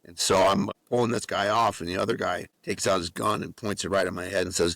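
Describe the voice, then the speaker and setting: A man from New Mexico, a guest author and musician, telling an animated story on a podcast with a lot of swearing. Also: low voice, fairly quick, no echo. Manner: animated storyteller with frequent profanity. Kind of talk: casual storytelling.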